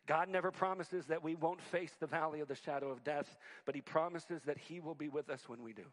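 A man in his forties preaching a sermon, telling personal stories in an animated, conversational way with self-deprecating humor. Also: on the high side, a little fast. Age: 40s. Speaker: pastor.

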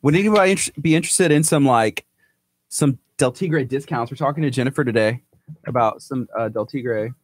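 A man co-hosts a live-streamed morning show in a relaxed, joking way. He laughs often and reads out viewer comments. His voice is dry and close, with no room sound and a medium pitch. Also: a little fast, no room sound. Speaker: radio show co-host.

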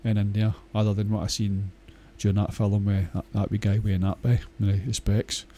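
A man's voice: on the low side, level tone, moderate pace, mellow, slight background noise. A Scottish man talking in a casual, rambling monologue, blunt and crude, swearing often and hesitating with many fillers.

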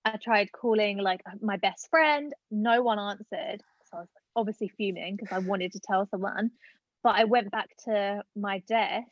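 A woman's voice: mid-range voice, fairly even intonation, normal speed, dry recording, dull audio. A woman in her late twenties, telling a personal story in casual chat with lots of fillers. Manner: chatty storytelling, many fillers. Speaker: guest.

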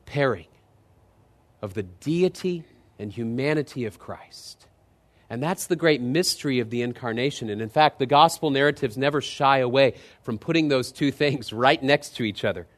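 A male pastor delivering a sermon in a mid-pitched voice. He retells scenes with rising, louder energy, then sinks low and quiet when he makes solemn points.

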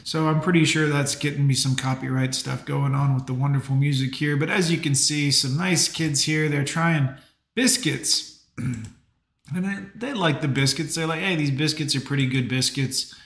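A man's voice: on the high side, moderate pace, fairly bright tone, roomy sound. A man hosting a live stream, talking casually and rambling with plenty of fillers. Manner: chatty, rambling, lots of fillers. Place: home.

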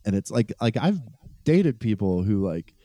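A man with a low, mellow voice co-hosts a relaxed chat, laughing easily and reading aloud from an article. The recording is dry and close. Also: a little slow, no room sound. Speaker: podcast co-host. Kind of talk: casual chat.

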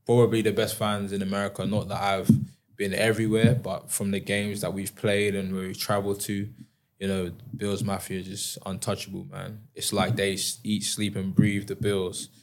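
A man talking casually as an interview guest, relaxed and rambling with lots of fillers. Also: deep voice. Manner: relaxed, rambling, many fillers, laughs often. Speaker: guest, professional athlete.

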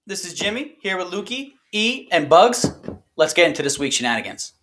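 A man hosting a comedy podcast, telling stories in an excitable, animated way. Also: sits high, brisk, reverberant. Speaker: podcast host. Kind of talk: casual comedy chat.

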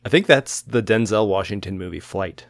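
A man co-hosting a podcast, chatting casually, chiming in quickly and laughing often. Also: fairly low pitch, no room sound. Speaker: podcast co-host. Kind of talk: casual chat.

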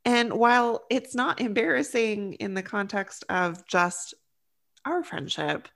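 A woman's voice: fairly high pitch, slow, vocal fry, fairly bright tone. A young woman co-hosting a podcast, teasing a friend in casual chat and often breaking into giggles. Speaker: podcast co-host.

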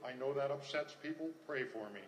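A man's voice: mid-range voice, a little fast, a little hiss or hum. Older man telling his story in an echoey hall. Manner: earnest storytelling, repeats phrases. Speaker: recovery meeting speaker. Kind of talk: personal testimony talk. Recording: echoey hall, faint ambience.

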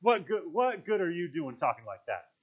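A high, shrill schoolboy voice, put on by a man reading aloud, anxious and stubborn, insisting again and again. The pitch sits well above the reader's own lively voice. The recording is dull and lo-fi. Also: normal speed, breathy edge. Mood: shrill insistence.

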